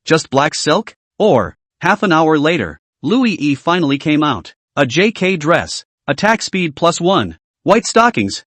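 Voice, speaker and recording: A man narrating a story recap with a lively voice that swings up and down, pitched a little high for a man. The sound is dry and close, with no room echo. He reads in an animated way. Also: a little slow, few pauses.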